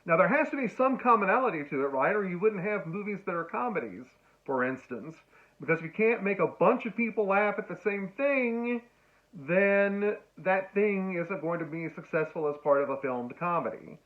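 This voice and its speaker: A man giving a casual lecture on film, telling stories and acting out lines with sudden loud bursts. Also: high-pitched, moderate pace. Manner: animated storyteller, acts out quotes with sudden loud squeals. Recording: tinny phone-like sound.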